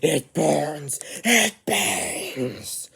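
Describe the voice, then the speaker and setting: A man doing a raspy, ancient sea lord. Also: medium pitch, lively intonation, slow, full character voice. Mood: agonized. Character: ancient undead male sea lord, vengeful.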